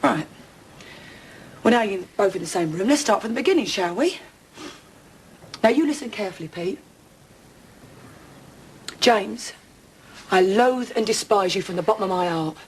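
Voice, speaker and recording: A woman's voice: medium pitch, expressive, moderate pace, pauses often, a little hiss or hum, natural voice, low-quality recording. An actress playing a distraught woman in her thirties confronting the man who attacked her, bitter and sarcastic in a TV drama. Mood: furious. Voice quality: bitter, sarcastic, then breaking down. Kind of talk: television soap drama acting.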